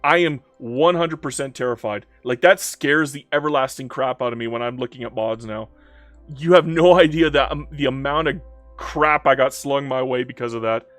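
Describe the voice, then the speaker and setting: A man doing live commentary on a strategy game, playful and excitable, talking to in-game nations and reading chat aloud. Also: medium pitch, normal speed, no echo, soft background music. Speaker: game streamer.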